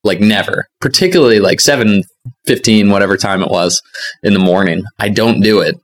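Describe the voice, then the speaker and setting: Male podcast host, low-pitched, chatty animated storyteller. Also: fairly quick. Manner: animated anecdotes with laughs and acted quotes. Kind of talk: casual storytelling.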